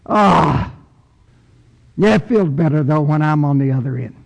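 A middle-aged man preaching a sermon emphatically, rising loud and dropping soft. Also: a little high, animated, a little slow, gravelly. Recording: long church reverb.

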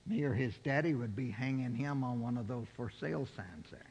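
A man's voice: medium pitch, a little fast, darkish tone, in a large hall, a little hiss or hum. An older man preaching a sermon, putting rhetorical questions to his congregation.

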